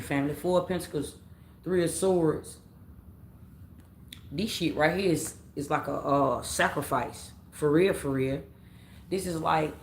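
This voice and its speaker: Low-voiced woman doing a live tarot reading. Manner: casual, slangy, addresses the chat as family; rambling, repeats phrases, scolds commenters. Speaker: tarot reader on a live stream. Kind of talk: late-night live stream tarot reading. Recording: roomy echo with faint background noise.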